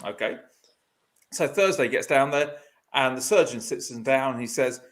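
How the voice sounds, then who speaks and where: A man's voice: mid-range voice, moderate pace. A man on a podcast, telling a long, rambling story full of fillers and laughter. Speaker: podcast host. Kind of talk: casual storytelling chat.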